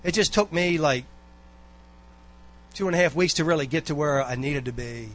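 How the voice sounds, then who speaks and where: A man, speaking casually to a church congregation. He rambles in a folksy way, breaking off into asides and stories. The delivery is a relaxed, unscripted church exhortation. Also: a little high, normal speed. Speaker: church member giving a talk.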